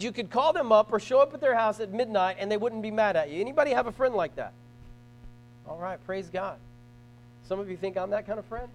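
A man preaching a sermon as pastor to a church congregation, earnest and emphatic, repeating phrases as he builds a point. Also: high-pitched.

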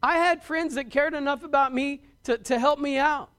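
A man's voice: very high voice, moderate pace, few pauses, a bit bright. A middle-aged man preaching a sermon as pastor, stressing points emphatically and often repeating words.

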